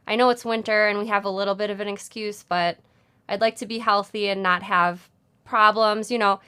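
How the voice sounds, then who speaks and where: Woman co-host, 30s, smooth clear voice, easygoing and chatty, laughs easily. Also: mid-range voice, a little fast. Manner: chatty, relaxed, laughs often. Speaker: co-host of a sewing channel. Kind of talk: casual chat.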